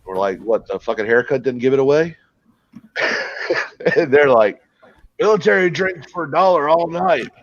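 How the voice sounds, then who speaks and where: A man's voice: a little high, animated, normal speed, long pauses, no room sound. A man telling a rowdy story, rambling and crude, breaking into laughs and restarting his sentences. His voice is dry and close, and the sound is a bit dull and lo-fi. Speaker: podcast host telling a story. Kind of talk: casual storytelling.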